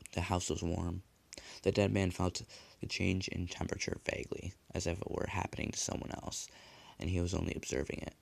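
A man narrating a dark horror story in a measured, hushed delivery. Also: sits low, little pitch movement, creaky. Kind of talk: dramatic horror story reading.

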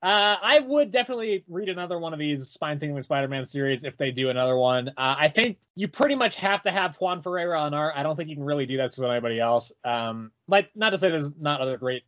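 A man's voice: fairly high pitch, expressive, quick pace, hardly any pauses, fairly bright tone. A man co-hosting a casual comic review podcast, hedging with many ums and swearing casually, on a muffled, crackly mic. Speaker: podcast co-host.

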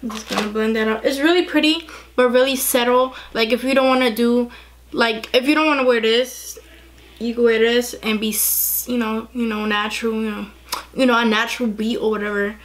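A young woman chatting excitedly through a casual makeup tutorial, gushing over the products. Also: fairly high pitch, fairly quick. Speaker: beauty vlogger.

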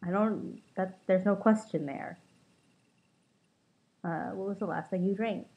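A woman's voice: mid-range voice, unhurried, warm tone. A woman of twenty-two from Los Angeles, chatting casually to camera as she reads out prompts and adds dry, self-mocking asides. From Los Angeles, California. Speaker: vlogger. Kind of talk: casual accent-tag vlog, reading prompts aloud. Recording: tinny phone-like lo-fi sound.

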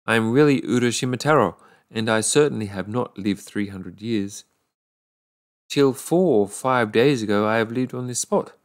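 A man's voice: fairly low pitch, normal speed, lightly acted. A man voicing an anxious young fisherman. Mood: pleading. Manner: pleading, anxious. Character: bewildered young fisherman lad, earnest.

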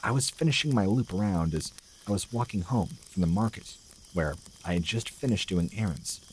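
A man with a very low, deep voice narrates a horror story in a slow and measured way, with a dramatic edge. A faint hiss sits under his reading. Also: expressive, a little mellow, low-quality recording. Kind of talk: scripted narration of scary stories.

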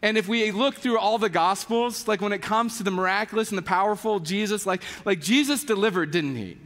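A man preaches as pastor in a church sanctuary, his high voice a little fast and echoing through a large hall. He tells stories in a relaxed, animated way, voicing the people in them and filling gaps with "like."

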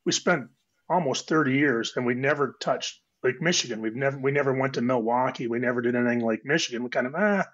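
A man with a cold, hoarse and chatting casually as a guest on a diving round table, rambling and restarting his phrases. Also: mid-range voice, quick pace, a bit bright. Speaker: guest technical diver. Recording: dull lo-fi audio.

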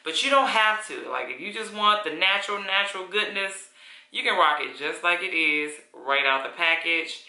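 A woman's voice: fairly low pitch, lively intonation, moderate pace, pushed and bright. A woman reviewing a wig in a chatty, effusive vlog, calling viewers honey and y'all. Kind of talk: casual product review vlog. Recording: echoey room.

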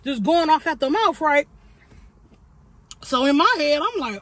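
Young woman, high voice, animated storytime vlog delivery with plenty of swearing. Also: a little slow, pauses often. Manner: animated storytelling, acts out quotes, swears freely. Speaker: vlogger. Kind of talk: storytime while eating on camera.

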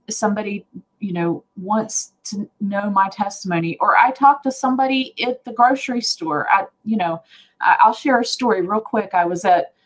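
A woman sharing a personal faith story on a talk show, earnest and animated, laughing often. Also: mid-range voice, poor audio. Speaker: guest sharing testimony.

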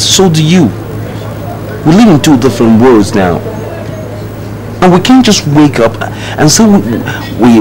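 A man's voice: mid-range voice, background noise, lightly acted. An actor playing a young man, dismissively lecturing his fiancée about an arranged marriage. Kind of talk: film drama dialogue.

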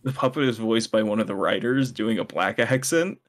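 A young man co-hosting a casual podcast, rambling about an old TV show, laughing often and breaking off to yell at a video game. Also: fairly low pitch, a little fast. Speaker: podcast co-host. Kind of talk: casual chat while gaming.

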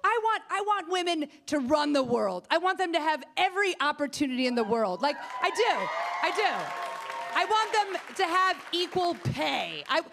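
A woman's voice: very high voice, sing-song, moderate pace, vocal fry, fairly bright tone, some chatter behind, slight background noise. A woman comedian doing a stand-up set in a comedy club, ranting with sarcastic exasperation on a stage mic.

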